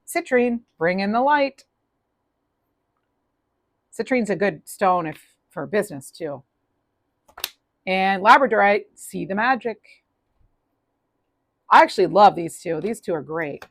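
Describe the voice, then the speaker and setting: A woman's voice: mid-range voice, lively intonation, a little slow, pauses often. A woman giving a casual, upbeat tarot reading, chatty with many restarts. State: clearing throat, losing voice. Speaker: tarot reader.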